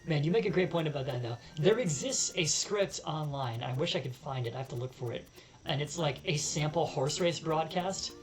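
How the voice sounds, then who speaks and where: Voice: mid-range voice, expressive, normal speed, faint music behind, low-quality recording. A let's-play host reading game text aloud with joking asides. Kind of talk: casual game commentary.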